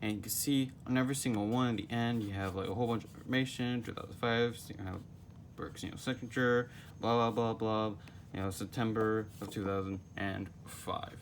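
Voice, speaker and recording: A man's voice: on the low side, fairly even intonation, brisk, slight background noise. A man in his twenties giving a casual, rambling book review, recorded on a phone. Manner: rambling, full of fillers.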